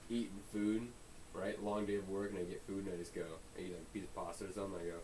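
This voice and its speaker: A man's voice: deep voice, level tone, fast talker, a little mellow. A man co-hosting a podcast, joking around in casual chat and acting out little scenes in muttered voices. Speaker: podcast co-host. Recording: distant mic with faint hiss.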